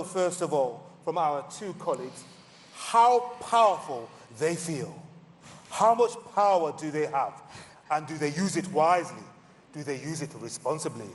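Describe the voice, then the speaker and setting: Male stage moderator, playful and animated, lifted pitch, big reverberant venue. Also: normal speed. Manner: animated, playful, theatrical emphasis. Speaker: panel moderator. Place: large conference hall. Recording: reverberant hall.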